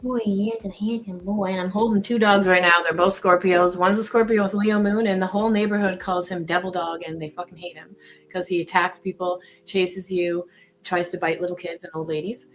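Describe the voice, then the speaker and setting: A woman in casual chat, talking in an animated way, full of "like" and swearing. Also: lowish voice, a little fast, slight background noise, poor audio. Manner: chatty, animated, sprinkles in "like" and swearing.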